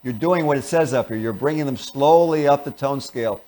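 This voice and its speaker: A man hosting a talk show, giving an earnest, animated motivational lecture and acting out examples. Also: mid-range voice, fairly quick. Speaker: host and lecturer.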